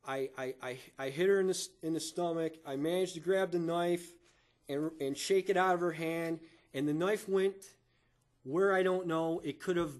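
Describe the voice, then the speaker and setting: A man giving emotional testimony in a courtroom, halting and stammering, often repeating his words as he recounts events. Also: a little high, fairly even intonation.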